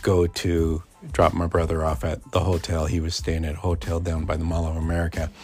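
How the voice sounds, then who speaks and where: Deep-voiced man rambling through a story. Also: monotone, brisk, a little mellow, soft background music. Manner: rambling, many fillers and restarts. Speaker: podcast host. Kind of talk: casual storytelling.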